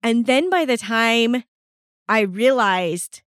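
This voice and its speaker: A woman's voice: fairly high pitch, lively intonation, takes it slowly, clear, resonant tone, no echo, clean studio sound. A woman co-hosting a podcast, telling a story in a casual, chatty way and laughing often. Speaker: podcast co-host.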